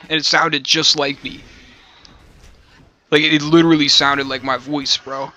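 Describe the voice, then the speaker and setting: A man chatting casually on a stream, rambling in slangy, profane talk and calling the listener bro. His voice is a little hoarse from smoking. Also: a little high, level tone, moderate pace, pauses often, bright, forceful tone, dull audio.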